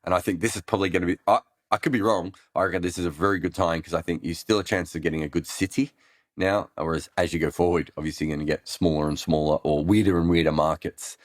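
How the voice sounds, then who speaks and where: A cricket analyst with a deep, fairly even voice hosts a casual live Q&A, answering listener questions quickly. He rambles with many ums and restarts, and the recording is dry and studio quality.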